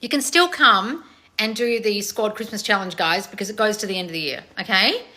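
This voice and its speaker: A woman in her thirties, a channel host reading viewer comments in a loud, blunt, casual way and swearing freely. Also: mid-range voice, fairly quick. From family of Croatian heritage. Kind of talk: casual live chat.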